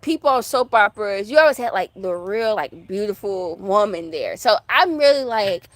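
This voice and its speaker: A woman's voice: mid-range voice, animated, normal speed, no echo. A woman hosting her own channel, chatting casually and rambling through asides as she answers viewer questions. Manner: fan of classic TV soaps. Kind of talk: casual chat.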